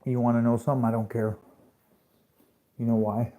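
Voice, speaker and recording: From home at night, a man delivers a preachy, confrontational livestream rant packed with rhetorical questions and free swearing. His voice is medium-pitched and dark, flat in delivery, at a moderate pace.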